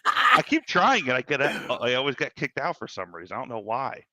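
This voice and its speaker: Very bright, lively-voiced joking man. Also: medium pitch, brisk, dry recording. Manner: jokey, playful. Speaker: show panelist. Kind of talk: casual joking chat.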